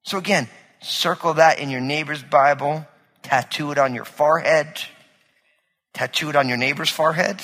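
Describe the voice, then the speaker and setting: A man's voice: fairly high pitch, fairly even intonation, normal speed, fairly bright tone. Man preaching in a reverberant hall. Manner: conversational, asks the audience questions. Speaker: pastor. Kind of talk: sermon.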